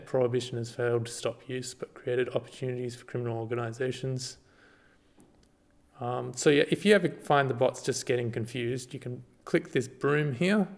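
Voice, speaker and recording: A man casually walks through a screen-recorded tutorial, relaxed and halting, with lots of ums and restarts. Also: mid-range voice. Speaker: party volunteer giving a tutorial.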